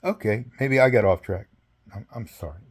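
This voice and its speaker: A man's voice: lowish voice, normal speed, slightly rough. An older man, an interview guest, telling a rambling story with frequent laughs and acted-out dialogue. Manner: animated, laughs often, acts out both sides of dialogue.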